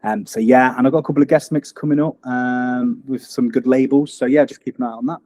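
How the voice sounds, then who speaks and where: A man's voice: medium pitch, brisk. A man guesting as a DJ on a casual interview, rambling easily with filler words. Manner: relaxed, rambling, laughs easily.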